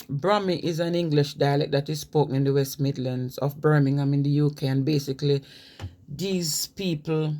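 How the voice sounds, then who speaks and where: A woman's voice: sits low, mellow. A woman reads a prepared talk to her viewers. She keeps stopping to add emphatic asides of her own. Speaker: vlogger.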